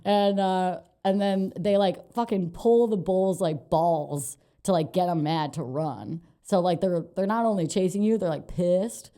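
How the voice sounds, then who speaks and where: A woman's voice: fairly low pitch, measured pace, few pauses, mellow. A young adult woman, a comedian, telling a story in casual, profane podcast chat and laughing often. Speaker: comedian guest.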